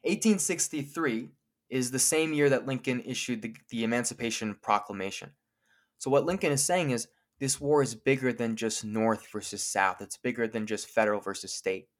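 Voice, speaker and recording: Man explaining famous speeches. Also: medium pitch. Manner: clear, lecturing, quotes speeches slowly. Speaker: podcast co-host. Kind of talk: explanatory podcast talk.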